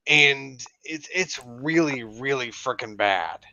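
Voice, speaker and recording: A man's voice: mid-range voice, lively intonation, slow pace, pushed and bright, slight background noise. A man co-hosting a casual chat, ranting emphatically and swearing often. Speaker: podcast co-host. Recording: dull lo-fi dry podcast mic.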